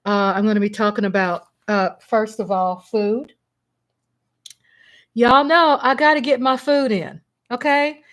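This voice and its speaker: A woman hosting a casual livestream from home, chatty and excitable, breaking into shouts and laughter. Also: on the high side, unhurried. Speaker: livestream host.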